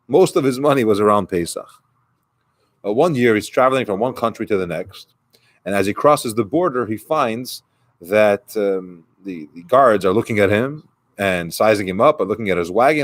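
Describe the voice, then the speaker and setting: A man's voice: on the low side, no room sound. A man who is a rabbi, giving a conversational sermon and retelling a story with quoted dialogue.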